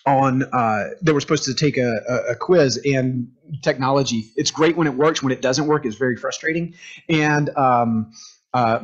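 A man leading a group class in a conversational lecture, animated, asking the room questions and acting out quotes. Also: medium pitch. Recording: dull lo-fi room recording.

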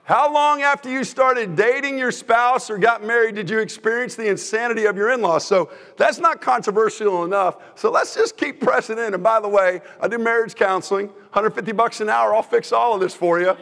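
A man preaching a humorous sermon as a guest preacher in a church sanctuary, teasing the room in an energetic, joking way. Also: high-pitched, brisk, gravelly, few pauses, long reverb tail.

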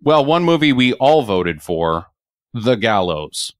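A man's voice: medium pitch, very animated, slow pace, dry recording, clean studio sound. A man hosting a casual podcast chat, blunt and sarcastic, swearing freely. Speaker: podcast host.

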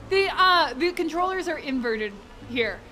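High bright-voiced woman streamer. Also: slow pace. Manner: excitable, laughing and swearing often; talks to herself and the chat. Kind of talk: live gameplay commentary.

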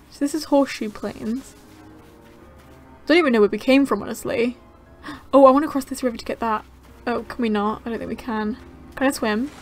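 A young woman giving casual, excitable gameplay commentary, gasping and chattering to the creatures on screen. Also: high-pitched. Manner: bubbly, gasping, easily excited. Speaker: gaming channel host.

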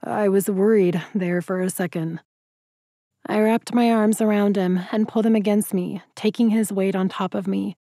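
A woman's voice: mid-range voice, fairly even intonation, moderate pace, dark tone, no echo. A woman narrating a first-person romance audiobook in an emotive, intimate reading voice, close to the mic.

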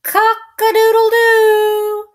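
Shrill, curious farmyard rooster, played by a woman, crowing for a picture-book reading. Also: completely flat delivery, extremely slow, full character voice. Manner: high crowing, asking questions. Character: crowing, puzzled male barnyard rooster.

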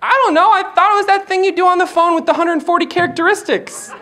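A man's voice: very high-pitched, fairly even intonation, fast talker, bright, forceful tone, some chatter behind, voice pushed up. A man voicing a chatty, proud older mother who is a bit oblivious, in a raised, breezy sing-song voice.

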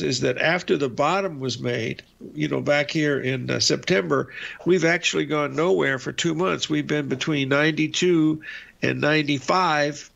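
A man's voice: a little high, creaky, a bit bright, lo-fi sound. An older man hosting a live trading show, talking in a folksy, rambling way with many fillers and restarts. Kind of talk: live market commentary.

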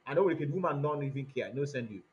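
A man with a Nigerian accent hosting an online commentary stream, talking in an animated way and switching between Igbo and English mid-sentence. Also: medium pitch, racing. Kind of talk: livestream commentary. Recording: dull lo-fi audio.

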